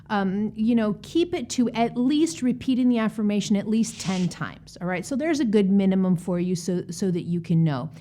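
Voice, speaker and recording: A woman wellness coach teaching a lesson in a calm, deliberate way, often repeating words for emphasis and checking in with "okay?". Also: medium pitch, a little hiss or hum. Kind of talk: instructional video lesson.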